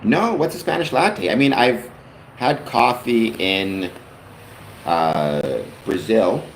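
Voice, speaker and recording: A Canadian livestream host with a voice on the low side speaks slowly but animatedly, rambling a bit in casual chat. He talks to his father on the stream, and the audio carries a roomy echo with faint noise behind it.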